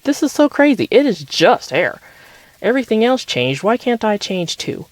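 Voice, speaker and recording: A man's voice: high voice, sing-song, normal speed, dry recording, voice pushed up. Man voicing a spirited teenage girl. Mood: protesting.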